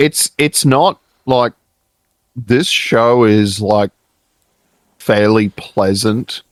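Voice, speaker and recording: A man on breakfast radio, mid-pitched and unhurried, his sentences halting and padded with fillers. The sound is dry and close. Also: no echo. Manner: halting, laid-back, hesitant with many fillers. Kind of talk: casual on-air banter.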